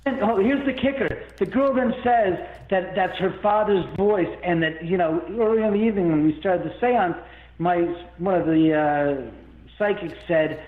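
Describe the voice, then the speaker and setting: A man telling a long story as an interview guest, rambling and animated, with many restarts. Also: high-pitched, moderate pace. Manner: rambling, animated, full of restarts and self-quotes. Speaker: guest, haunted-house owner. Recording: phone-like line in an echoey room.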